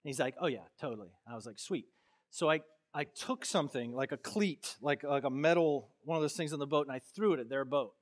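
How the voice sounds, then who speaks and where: A passionate sermon comes from a Florida pastor, a man whose delivery ranges from quiet and low to loudly explosive. He speaks a little fast and then slips into a casual personal story with many fillers.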